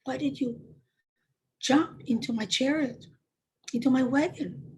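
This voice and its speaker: A woman voicing a kind, serious king who speaks gently to a child. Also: high-pitched, measured pace, breathy edge, heavily acted, rough recording. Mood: gentle.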